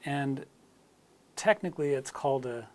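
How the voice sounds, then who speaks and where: An American-accented teacher giving a slow, deliberate pronunciation lesson and repeating example words for practice. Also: mid-range voice. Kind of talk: slow instructional narration.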